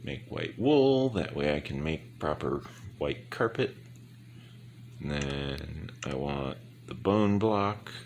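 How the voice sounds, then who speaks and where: Very deep, drowsy male gamer. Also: lively intonation, slight background noise. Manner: slow, trailing off, mumbling to himself. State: very sleepy, yawning. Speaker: gaming YouTuber. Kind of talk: casual gameplay commentary.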